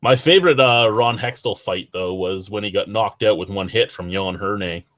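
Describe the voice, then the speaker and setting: Young man, low voice, dry close sound, casual profane chat. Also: normal speed, fairly bright tone, dry recording. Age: young adult. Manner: profane, rambling hockey banter. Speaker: podcast host.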